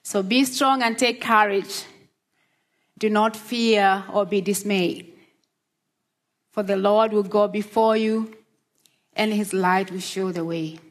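A woman preaching a sermon in a slow, earnest, encouraging way, often asking questions of her listeners. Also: mid-range voice, fairly even intonation. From Australia.

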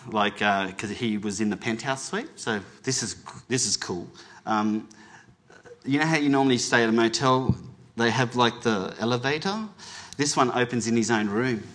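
A man's voice: medium pitch, fairly bright tone. An Australian chef giving a talk to an audience, telling a story with humor at his own expense and acting out both sides of each conversation. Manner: self-deprecating, laughs at his own jokes.

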